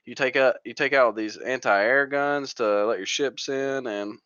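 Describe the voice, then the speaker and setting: A man chats casually on a gaming podcast, wandering through his thoughts with plenty of ums and restarts. His voice comes across smooth and clean in a dry, close space. The recording itself sounds a little dull and muffled. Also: mid-range voice, unhurried, fairly bright tone, dry recording. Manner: rambling, trails off and restarts with fillers. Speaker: podcast co-host.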